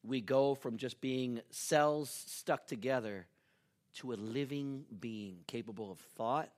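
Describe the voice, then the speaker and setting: A male pastor preaching a sermon full of personal stories. He tells them with animated energy, sometimes shouting and laughing, then drops low and quiet to pray. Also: slow pace.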